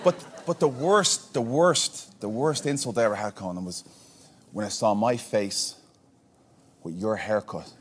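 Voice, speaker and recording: A man's voice: fairly low pitch, unhurried, breathy edge. A man, a wrestler and talk show guest, joking boldly and calling people fella. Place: television studio.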